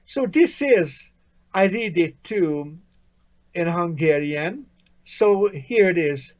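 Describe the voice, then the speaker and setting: A man with a fairly high voice teaches a language lesson at a slow, unhurried pace. He sounds patient and encouraging and praises his student often. The recording is a little dull and muffled. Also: animated, darkish tone.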